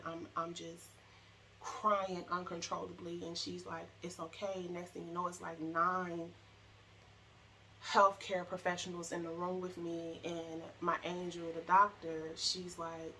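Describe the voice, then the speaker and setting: A young woman telling her own story, halting and emotional, with many fillers and restarts. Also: on the low side, sharp tone, slight background noise, low-quality recording. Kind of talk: personal storytelling to camera.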